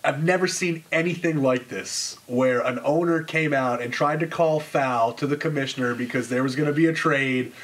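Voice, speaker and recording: A man's voice: mid-range voice, moderate pace, few pauses, fairly bright tone. A man co-hosting a casual sports debate, conversational and wry, acting out other people's reactions as he talks. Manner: conversational, wry, acts out quotes. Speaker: sports debate show co-host.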